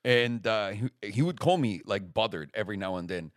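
A young man telling a story in casual chat, lively and swearing freely, acting out the other people's lines. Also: lowish voice, moderate pace, no room sound, studio quality. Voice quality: animated storyteller, swears freely, acts out quoted voices.

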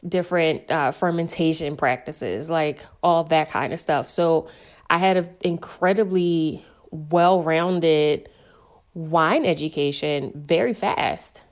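A woman's voice: low voice, slow pace. A woman sommelier telling her story in a casual interview, candid and chatty, often saying "like". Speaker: sommelier guest.

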